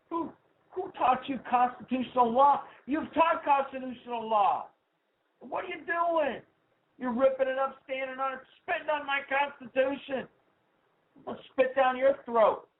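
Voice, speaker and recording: Fired-up high-voiced male radio host. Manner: fired-up, ranting, swings from low asides to loud outbursts. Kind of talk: political talk radio rant. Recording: tinny phone-like sound.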